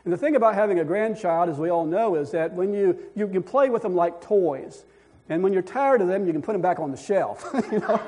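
Older male preacher, high-ish voice, folksy and rambling, chuckles, lots of restarts. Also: animated, a little fast, darkish tone. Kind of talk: folksy storytelling sermon.

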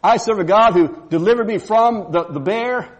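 A man's voice: high voice, moderate pace, big-room sound. A man playing an eager young shepherd hero. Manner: eager, stammering with enthusiasm. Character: bold young shepherd boy, eager and confident.

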